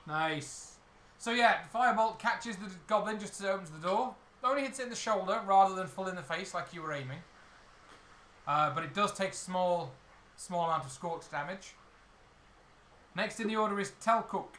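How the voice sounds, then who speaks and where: A man narrating as dungeon master in a relaxed, hesitant way, with fillers as he describes the scene. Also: sits high, normal speed. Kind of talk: narrating a tabletop game. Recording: echoey room with faint noise.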